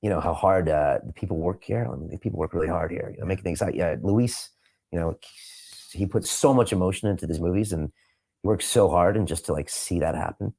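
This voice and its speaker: Emphatic low-voiced man in an interview. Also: a little fast, gravelly, breathy edge. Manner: emphatic, repeats phrases for punch; reflective, sometimes quiet and emotional. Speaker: podcast host being interviewed. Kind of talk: candid interview answers.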